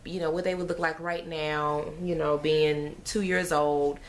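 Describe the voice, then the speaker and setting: A woman's voice: sits low, flat delivery, unhurried, slight background noise. A woman, a mother, chatting to camera in a rambling, emotional way with sighs and fillers. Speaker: mother vlogger. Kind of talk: casual chat to camera.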